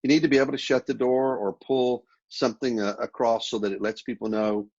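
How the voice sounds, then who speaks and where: A man with a husky voice speaks in a relaxed, advice-giving way, restarting phrases as he goes. The audio is dull and lo-fi, like a remote call. He sounds like a guest on a casual interview. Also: mid-range voice, a little fast.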